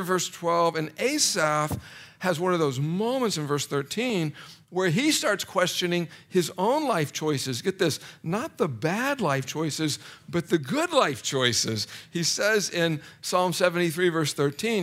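A man's voice: on the high side, sing-song, slow, a bit bright. Chatty man giving a casual sermon. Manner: casual, self-deprecating, many fillers and restarts. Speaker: pastor. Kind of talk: conversational sermon.

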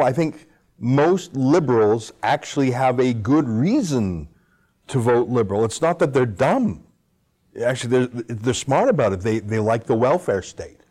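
A man in a sarcastic opinion monologue, needling his targets with rhetorical questions. His voice sits in an ordinary middle pitch, and he swings between quick runs and drawn-out, pointed phrases. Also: darkish tone. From Canada. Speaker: political commentator host.

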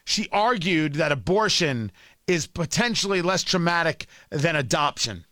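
A man's voice: a little high, lively intonation, a little slow, sharp tone, no room sound. Combative sarcastic male political host. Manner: sarcastic, combative, emphatic repetition. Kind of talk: opinionated political monologue.

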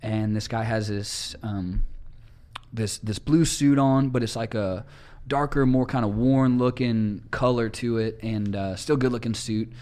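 A young man hosting a podcast, telling casual stories with lively acted-out quotes and casual swearing. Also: lowish voice, unhurried. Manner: animated storyteller, acts out quotes, swears casually. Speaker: podcast host. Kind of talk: casual storytelling chat.

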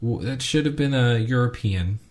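A man co-hosting a podcast, chatting casually and ranting with animated asides. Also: medium pitch, normal speed. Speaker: podcast co-host.

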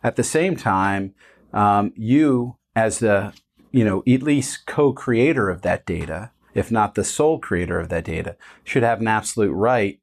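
A man in his forties, a founder talking as an interview guest, relaxed and earnest with many fillers. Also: lowish voice, a little slow. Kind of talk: casual interview conversation.

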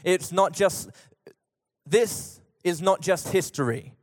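A young man preaching a sermon as pastor, telling stories with lively acted-out voices. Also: high voice, slow. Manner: animated storytelling preacher, acts out voices in anecdotes. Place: church auditorium. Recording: long reverb of a church hall.

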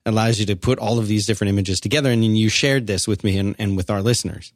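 A man's voice: fairly low pitch, steady tone, fast talker, no room sound. A man co-hosting a podcast in casual chat, dry and wry, who prompts his partner and reads an ad. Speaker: podcast co-host.

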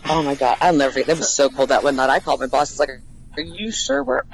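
A chatty woman talks in an easygoing, animated way, often breaking into laughter. She trails off and restarts her thoughts as she goes, speaking like an actor trainer telling stories from work. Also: rumbling low, very fast, a little hiss or hum, low-quality recording. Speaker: haunted attraction actor trainer. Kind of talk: casual interview chat.

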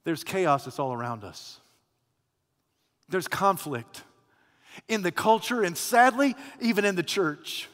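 A man preaching a sermon dramatically, swinging from shouts to near-whispers. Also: high voice, expressive, takes it slowly, long pauses, big-room sound.

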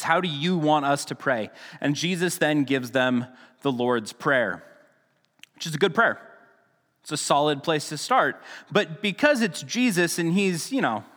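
A man's voice: a little high, bright, forceful tone, in a large hall. A man preaching a sermon in a casual, conversational teaching style, with frequent restarts and asides. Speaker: pastor.

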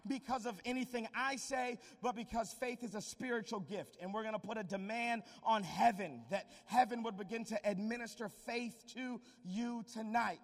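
A man's voice: high voice, normal speed, few pauses. A man preaching a live sermon in an emphatic way, urging the crowd to call back to him in a large hall. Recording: long hall reverb.

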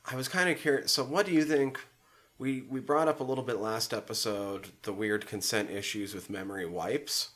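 A man with a somewhat low voice co-hosting a casual chat about superhero TV. He is easygoing and laughs easily as he talks. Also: normal speed, a bit bright. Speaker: podcast co-host.

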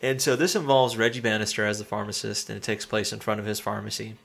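Gravelly laughing man chatting about movies. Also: fairly low pitch, steady tone, fast talker, background noise. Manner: laughs often, swears, acts out quotes. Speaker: podcast co-host. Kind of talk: casual movie review chat.

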